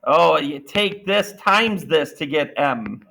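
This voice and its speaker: A man teaching a math class, energetic and playful, firing questions at students. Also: on the high side, takes it slowly, creaky, rough recording. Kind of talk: classroom lesson.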